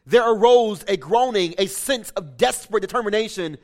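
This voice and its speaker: A man's voice: high voice, normal speed. A man preaching a sermon, reading a story aloud with impassioned, emphatic delivery. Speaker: pastor.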